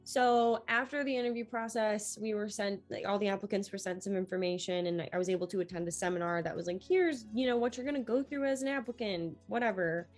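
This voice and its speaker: A young woman, a newly accepted medical student, tells her story in an interview in an animated way, acting out the dialogue she quotes. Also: mid-range voice, a little fast, hardly any pauses, soft background music.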